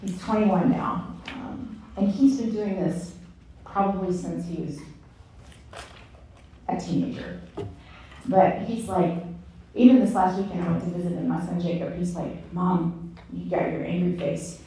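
A woman in her forties giving a candid, self-mocking teaching talk at a women's Bible study, telling stories with animated energy. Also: on the low side, unhurried, pauses often, slight background noise. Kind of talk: sermon-style teaching talk. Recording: echoey room from far off, faint ambience.

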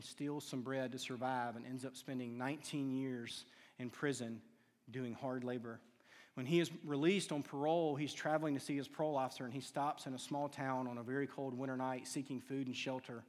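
A man preaching a sermon, telling stories and acting out quoted lines with hushed and raised turns. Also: medium pitch. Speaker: pastor. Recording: long hall reverb.

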